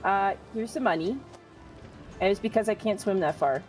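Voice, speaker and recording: A woman's voice: mid-range voice, darkish tone, faint music behind, natural voice. A woman doing a timid dog-folk rogue. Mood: hesitant. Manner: hesitant, halting.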